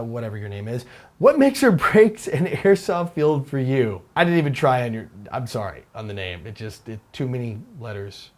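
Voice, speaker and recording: Male Q&A host, casual and rambling, mid-pitched, unscripted answers. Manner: relaxed, rambling, with fillers and restarts. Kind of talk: casual Q&A chat. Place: Taiwan.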